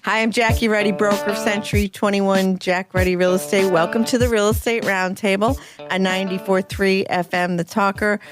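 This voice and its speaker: A woman's voice: medium pitch, fairly even intonation, fairly quick, hardly any pauses, over music. A woman hosting a radio talk show, chatty and upbeat as she introduces guests. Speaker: radio show host and real estate broker.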